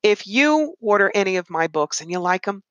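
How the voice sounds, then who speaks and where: A woman psychic medium and author, a guest in an interview, telling animated stories and putting on voices when she quotes people. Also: medium pitch, fairly quick, no room sound, rough recording. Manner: animated, puts on voices when quoting others. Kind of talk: conversational interview storytelling.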